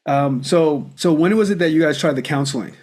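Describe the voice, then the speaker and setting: A man's voice: fairly high pitch, a little fast, darkish tone. A man hosting a live coaching call as a marriage coach, talking directly and emphatically and calling the caller brother.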